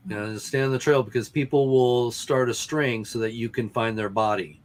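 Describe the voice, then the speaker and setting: Man telling a relaxed story. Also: mid-range voice, moderate pace, a little hiss or hum. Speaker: guest, paranormal investigator. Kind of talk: casual chat.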